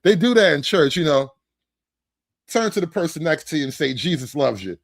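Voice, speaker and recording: A man doing sarcastic comedic reaction commentary, mock-preaching and swinging between loud outbursts and hushed asides. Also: on the high side, very animated, normal speed, no room sound, studio quality.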